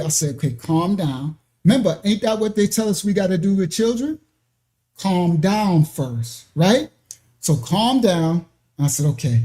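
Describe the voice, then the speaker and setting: A man preaching a conversational sermon, often asking "right?" and acting out quoted voices. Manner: animated, acts out quoted voices with rising pitch; conversational, repeatedly asks "right?". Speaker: pastor.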